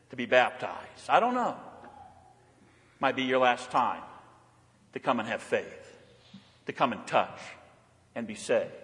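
A man's voice: mid-range voice, a bit bright, big-room sound. A man preaching a sermon as pastor, building emphasis through repeated phrases. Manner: preaching with repetition and rising emphasis. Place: church.

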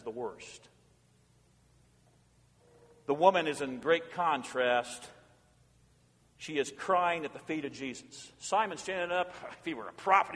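High-voiced preacher man in a reverberant hall. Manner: swings from loud pleading questions to hushed low tones. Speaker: pastor. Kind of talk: sermon. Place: church sanctuary.

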